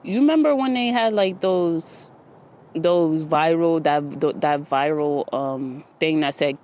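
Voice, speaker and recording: A man's voice: on the high side, slow pace, darkish tone. A man hosting his own podcast in a loose, rambling monologue. He drifts from thought to thought and leans on casual slang, and he is audibly short of breath. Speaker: podcast host.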